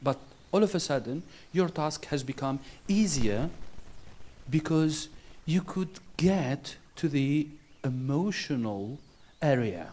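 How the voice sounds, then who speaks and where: A man lecturing interpreting students, deliberate and chuckling at his own stories. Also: a little high, animated, a little mellow. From Tunisia. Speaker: university lecturer.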